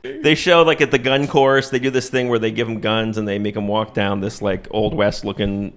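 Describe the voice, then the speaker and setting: A man's voice: fairly low pitch, moderate pace. A man, a comedian hosting a podcast, recapping an old movie in a rambling, joking way and acting out the characters' lines. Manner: rambling storyteller, restarts and animated put-on quotes. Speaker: stand-up comedian podcast host.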